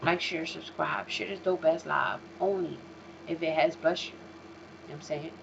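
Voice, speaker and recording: A woman hosting her own vlog, ranting in a profane, emphatic way, swinging from loud outbursts to low mutters. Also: steady tone, moderate pace, creaky. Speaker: vlog host. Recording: dull lo-fi recording with faint noise.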